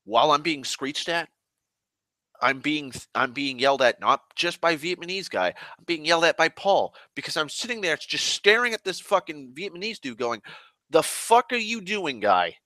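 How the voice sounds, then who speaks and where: A man vents about his day in a forceful voice, cursing constantly and hammering his points through repetition. The sound is dry and close. His delivery stays angry and worked up throughout. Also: a little high, lively intonation, no room sound. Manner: angry, heavily profane ranting; dramatic pauses and repetition. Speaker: online ranter. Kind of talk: casual storytelling rant.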